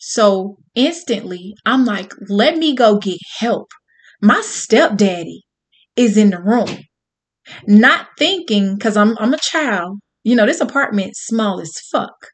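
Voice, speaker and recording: Profane, animated woman storyteller. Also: mid-range voice, takes it slowly, breathy edge. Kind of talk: personal storytelling to an audience.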